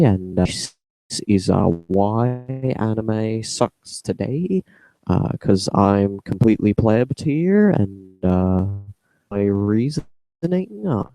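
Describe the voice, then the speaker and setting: A man's voice: fairly low pitch, dark tone, no echo. A man putting on the voice of a smug, pretentious male anime critic with a sneering, mock-arrogant manner.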